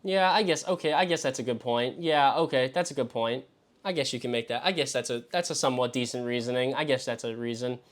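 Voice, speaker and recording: A man hosting a live stream as he works through a mock draft, talking to himself and swearing freely. He swings between exasperated yelps and low mutters. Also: fast. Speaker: fantasy football show host. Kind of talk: live-streamed solo commentary.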